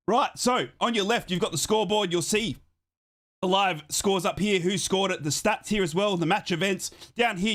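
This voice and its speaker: Young man, hoarse voice, fairly high pitch, live football stream host, excited, effusive thanks. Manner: effusive, thanks viewers over and over. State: hoarse from a chest infection. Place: home streaming setup in Australia.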